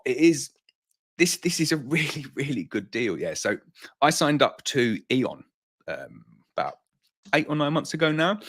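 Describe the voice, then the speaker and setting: A British beekeeper with a deep voice hosts a live Q&A stream, chatting casually. He's a bit out of breath and tends to repeat words as he thinks out loud.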